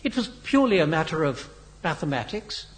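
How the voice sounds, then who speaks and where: A man's voice: on the high side, big pitch swings, fairly quick, voice pushed up. A man voicing a smug young pilot who talks casually and offhandedly.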